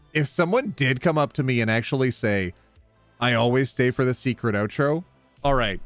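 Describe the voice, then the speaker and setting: Brief: male streamer, casual chat, jokey and giggly, very lively pitch swings, dry close sound. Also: dry recording. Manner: giggly, joking and animated, with playful put-on voices.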